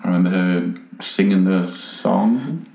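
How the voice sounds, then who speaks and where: A man's voice: low voice, a little slow, creaky, dark tone. A man around fifty co-hosting a casual podcast, cracking dry, mock-serious jokes. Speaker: podcast co-host. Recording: roomy echo.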